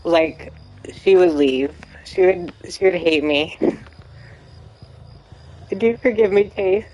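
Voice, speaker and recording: A woman's voice: lowish voice, slow, a little mellow, dull audio. Giggly apologetic young woman streamer. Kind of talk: casual gameplay commentary.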